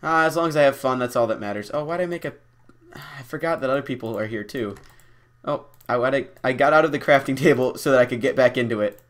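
A man giving casual, rambling commentary while playing a game, self-mocking and deliberately goofy, with lots of ums and restarts. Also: mid-range voice. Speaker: gameplay commentator. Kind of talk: casual Let's Play commentary.

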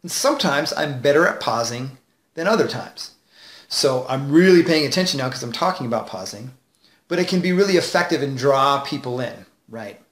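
A man as a confidence coach, giving advice straight to camera with clear enunciation, shifting tonality and deliberate pauses. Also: mid-range voice, lively intonation, fairly bright tone, echoey room. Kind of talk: direct-to-camera advice video.

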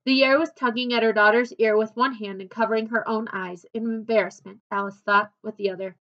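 Woman reading a story aloud, lo-fi. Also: on the high side. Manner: expressive, unhurried narration. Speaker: storybook reader. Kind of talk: reading a children's novel aloud. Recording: dull lo-fi recording.

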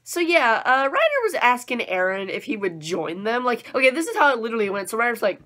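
A young woman giving a casual anime episode review, bubbly and excitable, full of "like" and "um". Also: on the high side, fast talker, few pauses.

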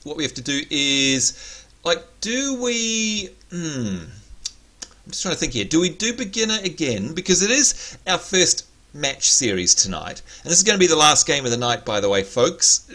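A man's voice: fairly high pitch, sing-song, normal speed, bright, forceful tone. An Australian man hosting a gaming livestream, chatting playfully and teasing his viewers. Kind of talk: casual livestream chat.

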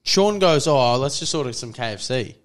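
Young man, podcast co-host, rambling, mid-pitched voice. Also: lively intonation, normal speed. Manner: rambling storyteller, many fillers, quotes friends. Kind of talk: casual chat.

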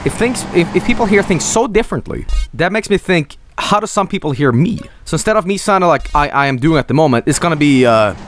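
A man streaming a video game, rambling and swearing in animated, casual commentary. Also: fairly high pitch, quick pace, few pauses, over music. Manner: rambling, profane, animated, jumps to silly voices.

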